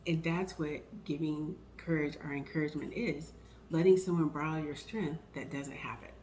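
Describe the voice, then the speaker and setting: A woman vlogging about encouragement and faith, telling personal stories and getting animated when she quotes herself. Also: deep voice, moderate pace, a little hiss or hum, low-quality recording. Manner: warm storytelling, animated when quoting herself.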